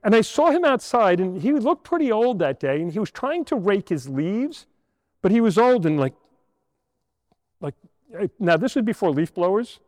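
A man's voice: high voice, sing-song, moderate pace, a little mellow, no room sound, long reverb tail. A man in his sixties, a priest, telling a story in a homily to children and asking them rhetorical questions. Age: 60s. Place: church.

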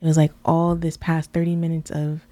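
A woman's voice: low voice, completely flat delivery, brisk, mellow, dry recording. A woman co-hosting a podcast, chatting casually and telling stories with many "like" fillers. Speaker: podcast co-host. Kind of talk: casual chat.

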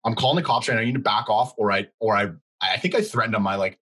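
A young man co-hosting a podcast tells a story in casual chat, speaking fast in a lowish, husky voice. He's animated and acts out the quotes, and the recording is rough.

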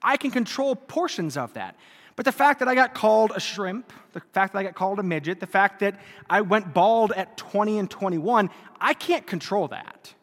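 Casting: a joking, self-deprecating priest in his thirties, bright high voice, echoing church. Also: animated, moderate pace. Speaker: Catholic priest. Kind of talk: sermon. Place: church before a live congregation. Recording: reverberant church hall.

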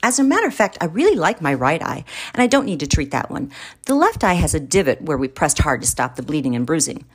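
Woman reading a calm, determined partner. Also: low-pitched, fast, breathy edge, full character voice.

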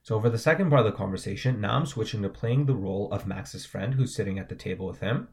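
This language teacher talks quickly in a fairly low, slightly mellow voice. Patient as he goes through words and tones, he often asks "right?" to make sure you're following.

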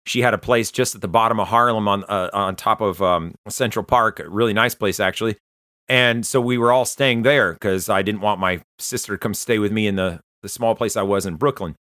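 A man earnestly telling his personal conversion story, halting often with fillers and restarts. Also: lowish voice, sharp tone, no room sound, clean studio sound. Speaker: testimony speaker.

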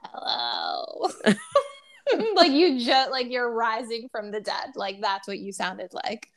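A woman's voice: a little high, measured pace, a little hiss or hum. A woman co-hosting a casual podcast, upbeat and chatty. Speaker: podcast co-host. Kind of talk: casual chat.

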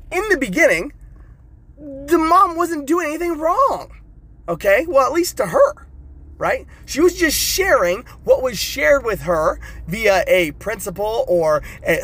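Coach guy with a high voice that swings all over, explaining stuff and acting out bits, faint traffic outside. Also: a bit bright. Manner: explanatory, acts out little quoted scenes. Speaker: coach and podcast host. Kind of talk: motivational talk.

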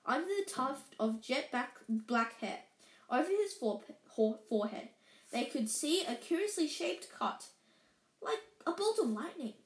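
A woman's voice: high voice, very animated, unhurried. Woman reading a storybook, stumbling. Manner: stumbling, self-correcting, unpolished. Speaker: reader. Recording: echoey room.

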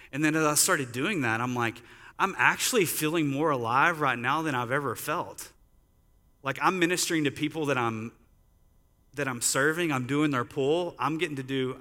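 A man preaching at a church service who tells stories in a chatty, conversational way. His voice is bright and forceful at a medium pitch. It carries through the sanctuary with a long hall reverb. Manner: conversational storytelling, many "like" fillers. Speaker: pastor. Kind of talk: sermon.

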